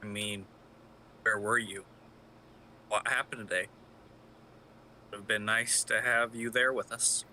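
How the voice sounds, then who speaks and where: A man voicing a brooding, defiant young male vigilante sidekick in a live fan audio drama read, sullen and low, flaring into angry shouts. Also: fairly even intonation, unhurried, long pauses, a little hiss or hum.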